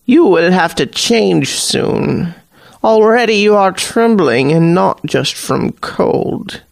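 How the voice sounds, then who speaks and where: Man doing old hag queen, menacing, high-pitched, slow and drawn-out, storybook villain. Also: expressive, creaky, no room sound, heavily acted.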